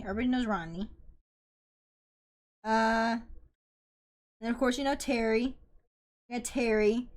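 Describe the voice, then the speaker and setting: A young woman chatting casually on a livestream while drawing, rambling excitedly, swearing and yelling at her chat. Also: medium pitch. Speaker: artist streamer.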